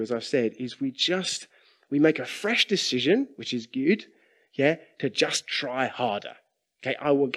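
Preaching in a conversational style, a middle-aged man often asks his congregation questions. His pitch is a little high.

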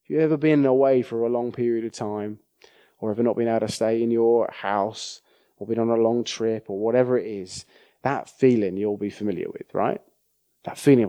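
A man delivers a sermon in a relaxed, chatty way, often turning to his listeners for agreement. His voice is mellow and warm, at an ordinary middle pitch. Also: moderate pace. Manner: conversational, checks in with the audience often. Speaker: preacher.

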